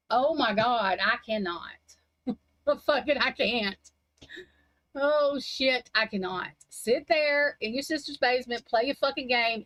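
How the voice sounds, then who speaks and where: A woman's voice: on the high side, fairly bright tone, no room sound, low-quality recording. A woman chatting casually on a livestream in a rambling, blunt, heavily profane way. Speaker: livestream chat participant. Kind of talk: casual chat.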